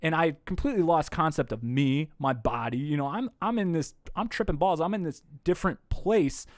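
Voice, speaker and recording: A man telling a story, animated and swearing. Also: a little high, fairly quick, dry recording, clean studio sound. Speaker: podcast guest. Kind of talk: casual conversation. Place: indoor room.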